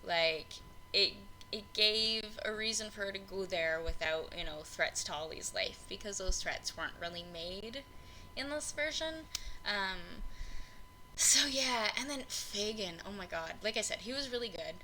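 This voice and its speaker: A woman's voice: medium pitch, animated, a little slow, bright, forceful tone, slight background noise, low-quality recording. Rambling, exasperated young woman host. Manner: rambling, frequent fillers, exasperated, swears freely. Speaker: podcast host reviewing film adaptations. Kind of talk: unscripted casual rant.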